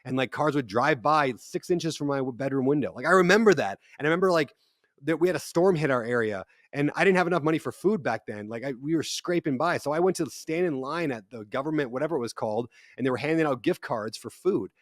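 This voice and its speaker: A man's voice: on the high side, fast talker, no echo, clean studio sound. A man in his thirties, a podcast guest, telling stories in casual conversation and acting out the people he quotes. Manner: animated storyteller, acts out quotes. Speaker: guest, real estate investor.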